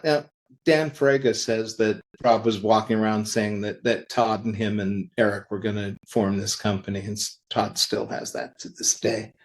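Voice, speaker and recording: A man who works in comics, telling anecdotes in a podcast interview, acting out the quoted lines in lively voices. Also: mid-range voice. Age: older. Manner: animated anecdotal storytelling, acts out quoted dialogue. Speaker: interview guest, comic creator.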